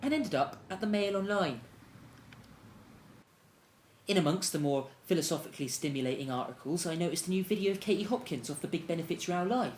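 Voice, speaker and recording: Young guy doing a deadpan comedy monologue, rambling and full of himself. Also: fairly high pitch, fairly quick, a little hiss or hum. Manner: deadpan, self-absorbed, rambling asides. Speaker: comedic character narrator.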